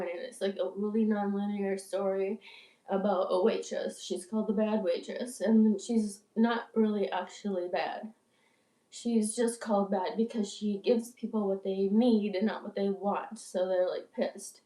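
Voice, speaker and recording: Brief: woman, 60s, croaky and stuffed-up, mellow tone, meandering talk, sits back from the mic in a roomy space. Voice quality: croaky, deeper than usual. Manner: meandering, filler-heavy, swears casually. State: congested, clogged up. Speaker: musician and vlogger. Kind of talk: rambling casual monologue. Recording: roomy echo, distant from mic.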